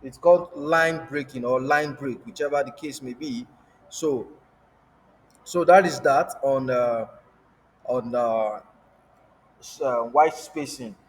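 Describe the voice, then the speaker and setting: A man with a fairly high voice teaches a coding lesson, pausing to throw out rhetorical "what?" questions for the class to fill in. His voice rings with a long reverb, as if he is recording in a bare room. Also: slight background noise. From Africa. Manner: repetitive, asks rhetorical "what?" prompts. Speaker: coding instructor. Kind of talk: screen-share coding lesson.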